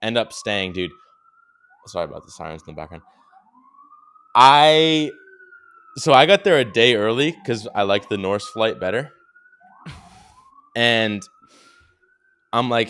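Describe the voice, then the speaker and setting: A man's voice: on the low side, lively intonation, unhurried, long pauses, a bit bright, smooth. A young man hosting a podcast, telling a travel story in a rambling, casual way, swearing freely and saying "dude" a lot. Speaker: podcast co-host.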